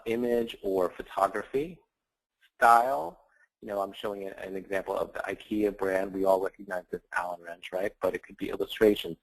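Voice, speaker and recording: A man's voice: low voice, fairly bright tone, rough recording. A man giving a conversational branding lecture with slides, often checking in with his audience with tag questions. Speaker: branding instructor.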